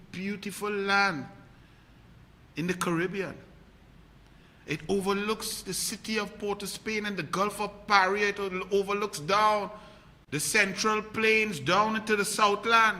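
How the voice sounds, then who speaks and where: A man's voice: sits high, bright, forceful tone, voice pushed up, exaggerated voice. A man doing a mocking male political commentator in a Trinidadian accent, ranting sarcastically in a sing-song, preachy way. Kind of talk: political satire rant.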